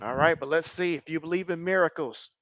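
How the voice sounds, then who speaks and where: A man hosting a livestream and giving excitable play-by-play commentary as he watches a football game, reading viewer comments aloud between plays. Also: a little fast, dry recording. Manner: excitable, gets louder and higher during plays; reads viewer chat aloud. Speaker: livestream host.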